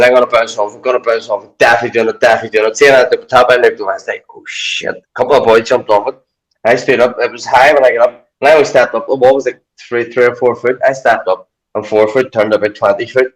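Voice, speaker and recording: Brief: male podcast guest, ex-fighter turned coach, mid-pitched voice, rambling and profane. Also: steady tone, fast talker, poor audio. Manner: rambling, swears a lot, acts out his own inner talk. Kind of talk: casual chat.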